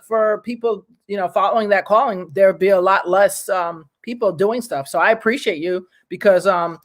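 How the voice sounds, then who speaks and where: A woman from New York hosting a talk show, telling personal stories in a rambling, lively way. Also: medium pitch. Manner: rambling, restarts sentences, lively retelling. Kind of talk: casual interview chat, personal storytelling.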